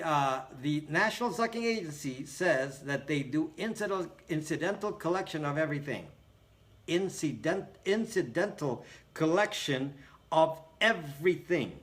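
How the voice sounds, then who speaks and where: A man's voice: on the high side, expressive, unhurried, fairly bright tone. A man hosting a casual livestream, answering viewer comments with sarcastic jokes, frequent laughs and rambling asides. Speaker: livestream host.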